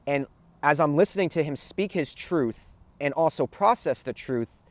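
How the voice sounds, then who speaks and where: A man's voice: a little high, lively intonation, normal speed, no room sound. A man hosting a spiritual talk, telling a personal story in an earnest, emotional way, repeating phrases and checking in with the listener. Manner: earnest, repeats phrases, keeps asking "right?".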